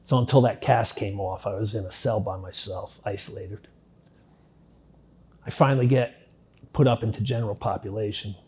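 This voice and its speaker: A man's voice: lowish voice, moderate pace, long pauses. A middle-aged man gives an interview about his own past. He talks plainly and bluntly, with casual swearing, and his voice sinks nearly to a murmur when the memories turn grim. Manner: candid, drops to near-quiet at grim moments, swears casually. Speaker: interview guest. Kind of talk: telling his life story in an interview.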